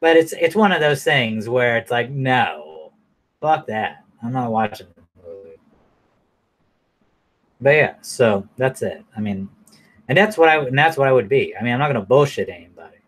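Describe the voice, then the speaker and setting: A man ranting casually to camera in a blunt, profane, rambling way, now and then mocking people in a high falsetto. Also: animated, moderate pace, long pauses, a bit bright. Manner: mocks others in high falsetto. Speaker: vlogger.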